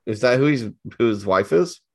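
A man co-hosting a casual podcast chat, easygoing and quick to laugh. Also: mid-range voice, animated, darkish tone, no echo, studio quality. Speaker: podcast co-host.

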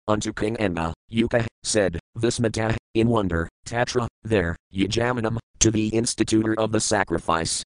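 A man giving a measured, scripted reading of verses, word-by-word meanings and commentary. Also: fairly low pitch, clean tone, no echo, low-quality recording. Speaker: scripture reader.

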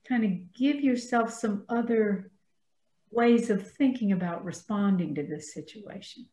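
Slow, gentle Southern woman priest. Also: mid-range voice, muffled recording. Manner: thoughtful, gentle, acts out inner thoughts. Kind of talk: reflective spiritual discussion. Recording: roomy echoey sound.

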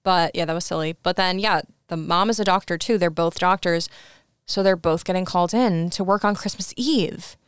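Young woman chatting, smooth voice, dry sound, does lots of little voices for quotes. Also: lowish voice, moderate pace, dry recording. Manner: animated, acts out quotes from scenes. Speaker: podcast co-host. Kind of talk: casual chat.

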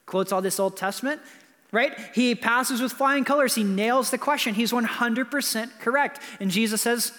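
Pastor, male, high voice, casual preaching style, long church reverb; keeps checking in with "right?". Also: moderate pace, fairly bright tone. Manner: conversational preaching with frequent "right?" asides. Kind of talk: sermon. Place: church building.

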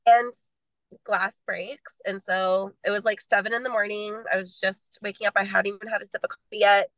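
A woman's voice: medium pitch, level tone, moderate pace, fairly bright tone, no echo, low-quality recording. A young adult woman talking as a podcast guest, earnest and rambling, sharing her faith in a casual way. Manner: earnest, rambling with many "like" fillers.

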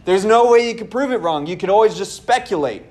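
A high-pitched young man preaching a sermon as pastor of his church. He talks earnestly and conversationally, turning to his listeners with casual asides. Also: animated, brisk, darkish tone.

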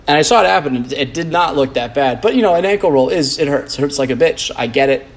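A man's voice: fairly high pitch, lively intonation, quick pace. A man, a podcast host, rambling in a casual monologue, blunt and profane, full of "like" and restarts.

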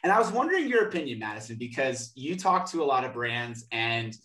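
A man's voice: mid-range voice, very animated, fairly quick, bright, forceful tone, distant mic. A young adult man co-hosting a podcast in casual chat, easygoing and full of filler words. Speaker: podcast co-host. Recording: roomy, echoey sound.

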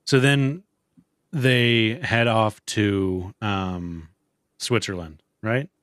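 Brief: young male podcast co-host, lowish voice, dry close sound, animated movie chat. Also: extremely slow, no room sound. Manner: animated, acts out movie quotes in a high voice. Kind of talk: casual movie discussion.

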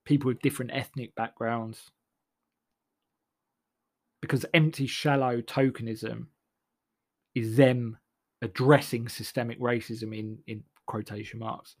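A man's voice: mid-range voice, fairly even intonation, a little slow, pauses often. A man delivers a sardonic, rambling comic monologue full of restarts.

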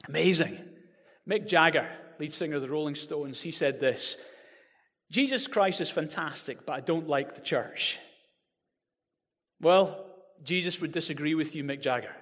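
A man preaching a sermon, animated and building to loud proclamations. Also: on the high side. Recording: reverberant hall.

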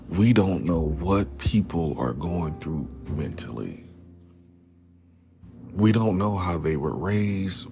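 Slow, low-voiced man preaching over music. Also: darkish tone. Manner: earnest, slow and drawn-out, drops to a whisper on key words; casual, repeatedly says "man". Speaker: Christian speaker. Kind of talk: informal devotional talk.

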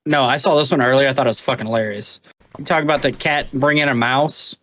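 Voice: medium pitch, fast, fairly bright tone. A podcast co-host bringing up a funny video, amused and swearing casually. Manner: amused, profane. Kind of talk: casual chat.

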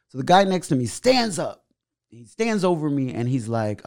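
A young adult man, a comedian guest, telling a story in a casual, animated way, his voice jumping loud and high when he acts out scenes. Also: a little fast.

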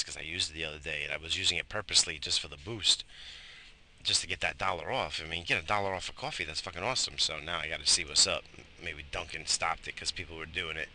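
A man's voice: extremely low pitch, fast, bright, forceful tone. A middle-aged man, tired and coughing, rambling profanely in a casual morning vlog. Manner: profane, rambling, loose and chatty. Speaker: vlogger.

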